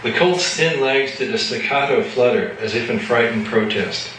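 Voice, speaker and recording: A man reading his own fiction aloud at a live event, in a measured, matter-of-fact way. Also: medium pitch, a bit bright, recorded from a distance, slight background noise. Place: live reading at an evening gathering. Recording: echoey room from afar.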